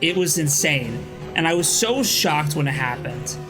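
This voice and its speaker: A man's voice: on the high side, animated, a little slow, rough recording. A young man hosting a stream, chatting casually and telling a rambling story with restarts and swearing. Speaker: streamer host. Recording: music playing faintly behind.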